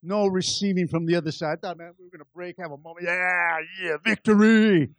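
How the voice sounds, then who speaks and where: A pastor telling a personal story in a sermon, moving between quiet, confiding asides and loud, lively peaks. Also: male voice, sits high, fast, vocal fry, no echo. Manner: animated, swings from soft asides to loud climaxes.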